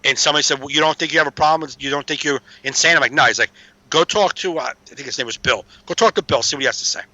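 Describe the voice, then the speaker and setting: Streetwise guy telling stories, kinda high bright voice, swears a lot, dull dry audio. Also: very fast, no room sound. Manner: streetwise storyteller, swears freely. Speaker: podcast guest. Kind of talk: casual chat.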